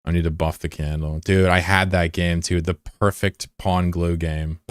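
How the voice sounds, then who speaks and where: Deep-voiced excitable streaming game developer. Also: male voice, moderate pace, clean tone, no echo, clean studio sound. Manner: excitable, swings from loud shouting to muttered frustration. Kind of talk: casual livestream chat.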